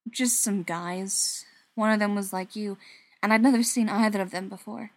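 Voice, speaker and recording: A woman voicing a hot-tempered, hurt young man who snaps loudly and pitches his voice up in anger. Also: steady tone, moderate pace, no echo, natural voice. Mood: subdued. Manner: loud and snapping, voice rising when angry.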